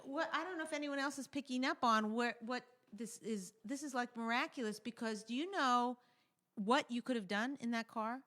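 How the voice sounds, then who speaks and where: A woman leads a casual talk show conversation, her voice bright and a little high. She drops in quick, encouraging reactions and steers the group along. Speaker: host leading a women's discussion.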